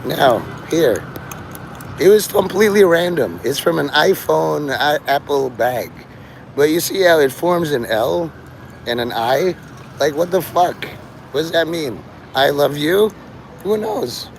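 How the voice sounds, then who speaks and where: Out on a city street, a man streams live and talks to his chat in a rambling, profane, free-associating way. His gravelly, strained voice, which he insists is normal for him, is a little high and expressive, and he speaks unhurriedly with slight background noise.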